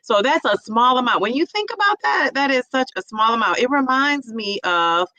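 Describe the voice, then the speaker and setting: A middle-aged woman chatting casually on a livestream, telling animated stories to her viewers. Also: on the high side, moderate pace, no room sound. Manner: chatty, animated storytelling with laughs. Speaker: vlogger.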